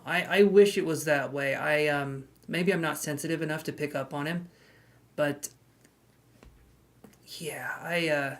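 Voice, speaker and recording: Jokey man chatting on a live stream. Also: a little high. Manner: jokey, greets viewers by name and hands out queue numbers. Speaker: tarot reader hosting a live stream. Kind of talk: casual live-stream chat.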